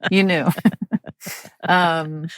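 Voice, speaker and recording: A woman in her fifties with a notably low voice speaks with a dry, halting delivery, stopping and restarting her sentences. She chats casually as a guest comedian in an interview. The sound is dry and close, with no room around it. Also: fairly even intonation, no room sound. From Mississippi, US.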